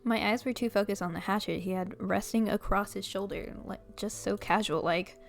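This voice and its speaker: A young woman gamer reading a visual novel aloud, excitable and giggly, squealing and swearing as she reacts. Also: medium pitch, moderate pace, creaky, faint music behind.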